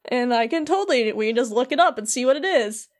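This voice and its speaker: A small, fussy male cricket chatters eagerly, as a woman puts him on with a slightly raised pitch. He is casual and friendly, a cartoon sidekick sketched in passing. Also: animated, fast talker, close to an everyday voice. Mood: chummy. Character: tiny fussy male cricket chronicler, easily upset.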